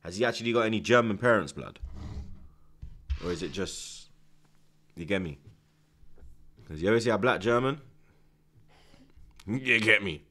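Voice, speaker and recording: A man hosting a live football watchalong, reacting loudly to the match with slang and swearing, shouting instructions at the players. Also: fairly low pitch, normal speed, long pauses. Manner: excitable, shouts at the screen, heavy slang and swearing.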